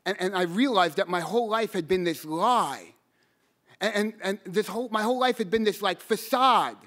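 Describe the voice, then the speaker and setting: A man telling a personal story live on stage, earnest and halting, repeating words as he goes and bursting into shouts when he quotes himself. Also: high-pitched, expressive.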